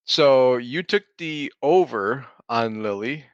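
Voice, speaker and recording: A man's voice: medium pitch, slow, clear, resonant tone, no room sound, dull audio. A man co-hosting a podcast, telling stories in a casual chat and acting out his kids' voices. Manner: animated storyteller acting out his kids' lines. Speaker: podcast co-host.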